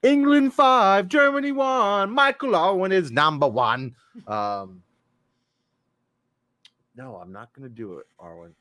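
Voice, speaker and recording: A man's voice: sits high, expressive, slow, long pauses, fairly bright tone, no echo, pitched above the performer's own voice, exaggerated voice. A man putting on a cheeky English football lad. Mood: mock-stern. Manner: exaggerated put-on British slang.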